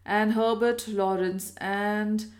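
A woman's voice: medium pitch, little pitch movement, takes it slowly, natural voice. A woman reading aloud and voicing a chatty, solicitous hostess who fusses over her guest.

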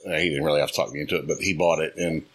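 A man with a low, deep voice tells quick anecdotes in easy, relaxed chat. His stories run on plainly, without fuss. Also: husky. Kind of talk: casual chat.

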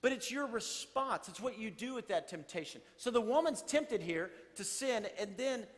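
A man preaching a sermon to a congregation, conversational and animated, with playful asides. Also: high voice, moderate pace, long reverb tail. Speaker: pastor.

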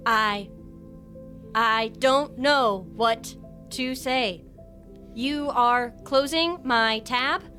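A woman voicing an earnest, literal-minded male android who makes flat, computer-like announcements. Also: a little high, drawn-out words, pauses often, soft background music, pitched below the performer's own voice, exaggerated voice.

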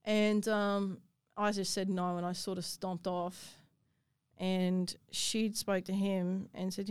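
Aussie woman telling her story straight, swears a lot, smooth voice, dry mic. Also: medium pitch, level tone, takes it slowly, no room sound. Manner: blunt, swears freely, emotional storytelling. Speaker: guest. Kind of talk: personal story in interview.

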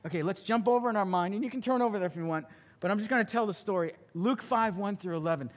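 High-voiced male preacher, super animated storytelling, long church reverb. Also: fast talker. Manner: animated storytelling, acts out characters. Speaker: pastor. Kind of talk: sermon.

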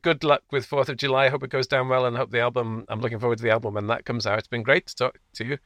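Podcast host, bright forceful voice, dry sound, keen. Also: male voice, medium pitch, little pitch movement, quick pace, dry recording. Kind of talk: casual interview.

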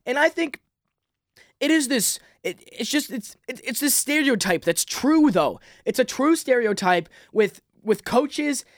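A man's voice: very high-pitched, lively intonation, a little slow, dry recording. Sports podcast host, male, heated rant, dry close sound. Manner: heated, exasperated, many restarts.

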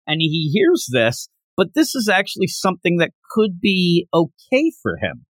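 A man co-hosting a casual manga discussion podcast, retelling scenes in an animated way and acting out the characters' lines. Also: sits high, normal speed, dry recording. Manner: animated retelling with acted-out quotes. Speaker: podcast co-host.

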